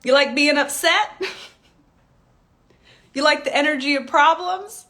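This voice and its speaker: A woman's voice: high-pitched, measured pace, sharp tone. A woman in her thirties, a stylist business coach, giving a blunt, profane motivational rant with mocking impressions.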